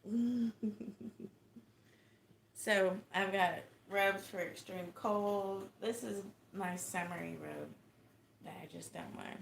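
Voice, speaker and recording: A woman's voice: mid-range voice, fairly even intonation, takes it slowly, gravelly, slight background noise. A woman with a Texan accent chatting casually on a livestream from her small home, laid-back and chatty, laughing often and greeting viewers.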